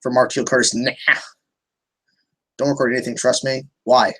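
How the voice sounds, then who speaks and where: A man's voice: mid-range voice, level tone, moderate pace, pauses often, a bit bright, slightly rough. A young man hosting a casual livestream, answering viewer questions in a rambling way, restarting sentences and swearing freely.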